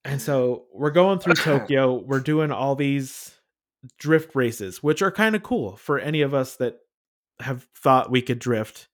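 A man co-hosting a casual podcast, leading the talk in a relaxed, storytelling way. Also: medium pitch, unhurried. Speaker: podcast co-host. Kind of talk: casual chat.

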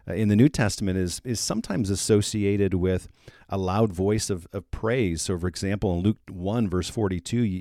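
A man's voice: low-pitched, dark tone, no room sound, clean studio sound. A man hosting a faith podcast, giving an earnest devotional teaching on prayer and citing Bible verses as he explains them.

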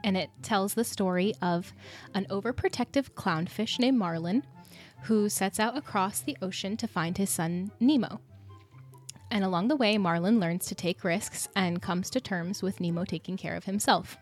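A woman's voice: medium pitch, normal speed, soft background music. A woman co-hosting a casual podcast, chatty and giggly as she explains things. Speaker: podcast co-host.

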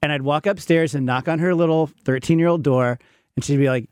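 A man's voice: fairly high pitch, fast, darkish tone, clean tone, dry recording, clean studio sound. A man in his fifties, chatting candidly as a podcast co-host and poking fun at himself while telling stories. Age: 50s. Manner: candid, self-mocking storyteller. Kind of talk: casual chat.

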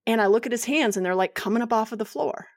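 A woman's voice: a little high, fast talker, no echo. Lady podcast host telling a funny story, close dry mic. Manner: animated storyteller, acts out quotes. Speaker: podcast co-host, yoga teacher. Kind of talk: casual storytelling chat.

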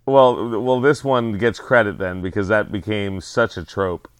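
A man's voice: fairly low pitch, fairly even intonation, a little slow, clean tone, no echo, clean studio sound. A man co-hosting a movie podcast, chiming in with wry, teasing remarks. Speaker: podcast co-host. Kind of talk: casual movie chat.

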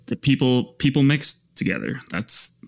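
A man co-hosting a podcast with a gravelly voice, talking casually in a halting way and restarting his sentences. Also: mid-range voice, wildly swooping pitch. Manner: halting, searching for words with many restarts. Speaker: podcast co-host. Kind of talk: casual chat.

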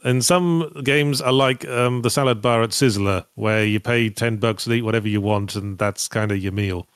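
A man's voice: lowish voice, moderate pace, clear, resonant tone, dry recording. A man co-hosting a casual podcast chat, reading donor messages aloud with wry, dry asides.

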